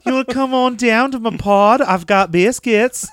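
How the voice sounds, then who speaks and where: A man voicing a sci-fi grand admiral in a put-on Southern accent, slow and sugary. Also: very high voice, fairly bright tone, smooth, dry recording, pitched above the performer's own voice. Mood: sweet. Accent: American Southern, put on.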